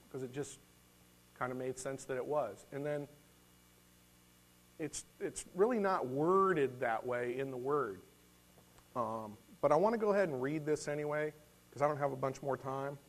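A middle-aged man preaching a conversational sermon, telling a personal story in a folksy way, often restarting and clearing his throat. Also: mid-range voice, moderate pace, long pauses. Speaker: lay preacher.

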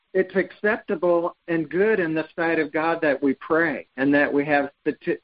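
Slightly high-voiced man teaching the Bible. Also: dull audio. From United States. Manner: conversational, reads scripture aloud with frequent restarts. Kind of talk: informal Bible study teaching.

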